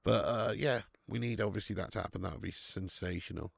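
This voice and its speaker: A low-pitched, brisk, creaky-voiced man from Dorset, England, with a Dorset accent, hosts a football watch-along, giving casual live commentary and reading chat. Chatty and matey, he calls viewers "lad" and "mate," swears freely and laughs often; the audio is studio quality with no room sound.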